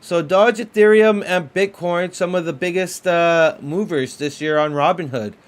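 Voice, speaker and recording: Chatty, excitable man hosting a crypto stream. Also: high-pitched, normal speed. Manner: excitable, repeats himself, lots of fillers. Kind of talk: casual livestream commentary.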